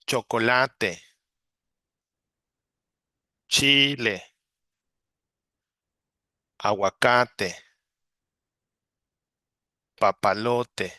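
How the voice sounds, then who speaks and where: A man's voice: medium pitch, pushed and bright, no echo. A man from Mexico teaching Spanish vocabulary from slides, repeating each word patiently so learners can practice. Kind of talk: slide-based language lesson.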